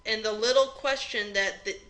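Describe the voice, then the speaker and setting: A woman with a voice on the high side speaks at normal speed, slightly bright, in poor audio. This chemistry instructor takes students through a recorded exam review lecture one step at a time, in a plain conversational way.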